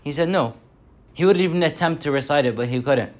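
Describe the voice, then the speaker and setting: A young man giving a Friday sermon as a story, animated and slowing down on key points. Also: a little high.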